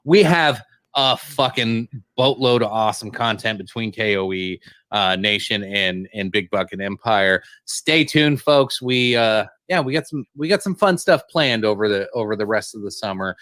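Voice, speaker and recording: Man, podcast host, casual outro, halting, swears casually, dry close sound. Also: on the low side, a bit bright, no echo.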